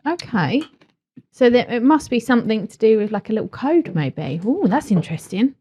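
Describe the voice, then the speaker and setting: A woman's voice: on the high side, sing-song, normal speed, warm tone, breathy edge. Laughing woman steering a review. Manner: laughs often, keeps the review on track. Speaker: podcast co-host. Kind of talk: casual chat, cereal review.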